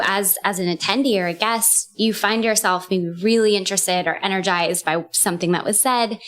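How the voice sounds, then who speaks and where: A woman's voice: mid-range voice, fairly bright tone. A woman guest on a podcast interview, explaining with enthusiasm and fluency. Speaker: guest, game co-creator. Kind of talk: interview conversation.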